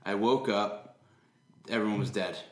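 A man's voice: fairly low pitch, fairly even intonation, a little slow, echoey room. A man guesting on a podcast, blunt and joking in casual chat.

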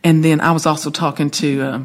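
With a deep voice and a fairly quick pace, a Southern songwriter guest tells an extended story in an interview. She is an animated storyteller, acting out the voices of the people in her tale.

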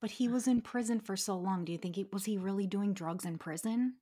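A woman's voice: mid-range voice, a little fast, dark tone. A woman co-hosting a reality-TV recap podcast in casual chat, eagerly reacting and chiming in with agreement. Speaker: podcast co-host.

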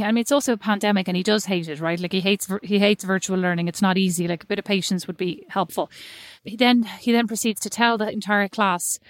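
A middle-aged woman co-hosting a casual chat, telling animated stories and teasing her friend. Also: medium pitch, no room sound, studio quality. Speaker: podcast co-host.

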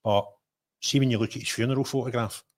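A Scottish man hosting a podcast, telling an animated anecdote in casual chat, with some swearing. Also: mid-range voice, quick pace.

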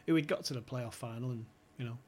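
A man's voice: mid-range voice, brisk, slight background noise. A man guesting on a podcast, telling club stories in a chatty way, swearing freely and acting out the people he quotes. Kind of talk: anecdotal storytelling.

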